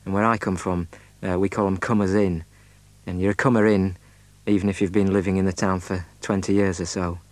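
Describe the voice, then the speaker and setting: Deep-voiced hesitant man. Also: level tone, a little mellow, dry recording. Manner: hesitant, many ums and uhs, measured. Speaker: speaker describing his home county. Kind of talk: unscripted spoken description.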